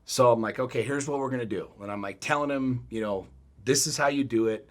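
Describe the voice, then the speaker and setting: A middle-aged man co-hosting a podcast, telling a story in a blunt, profane, animated way. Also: mid-range voice, brisk. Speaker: podcast co-host. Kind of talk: casual chat.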